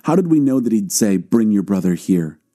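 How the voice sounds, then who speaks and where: A man's voice: on the low side, big pitch swings, normal speed, dark tone. A man reading the anxious, defensive words of a group of grown brothers. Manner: worried, defensive.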